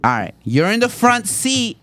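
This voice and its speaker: A man, telling a profane, animated story to friends and acting out the voices. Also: sits high, a little slow, dry recording. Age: 20s. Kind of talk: casual chat.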